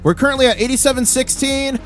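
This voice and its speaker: A man's voice: very high voice, fast talker, a bit bright, faint music behind. Hyped man calling live metal prices. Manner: hyped, auctioneer-like calls of prices. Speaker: livestream host. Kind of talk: live market commentary.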